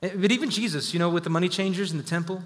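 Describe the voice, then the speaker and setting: Animated preacher man in a reverberant hall. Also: high-pitched, rapid-fire. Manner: animated storytelling with self-deprecating humor and sudden bursts. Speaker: pastor. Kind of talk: sermon.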